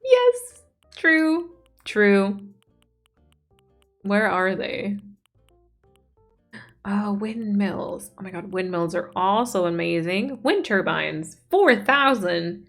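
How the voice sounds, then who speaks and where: A woman's voice: medium pitch, slow pace, creaky, pauses often, a bit bright. Gushing woman streamer over game music. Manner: gushing, reads chat messages aloud. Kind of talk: casual chat while gaming.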